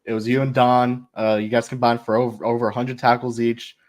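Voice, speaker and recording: A man's voice: medium pitch, little pitch movement, a little fast. A man hosting a sports podcast who asks his guest easygoing, leading interview questions. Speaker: podcast host.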